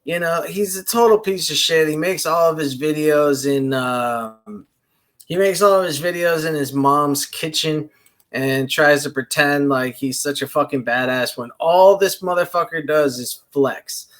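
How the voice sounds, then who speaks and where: A man with a fairly high voice rants through a reaction stream, swearing nonstop and wandering off track as he vents. His talk is loose and casual, full of fillers and angry asides. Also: unhurried, fairly bright tone. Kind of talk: profane reaction rant.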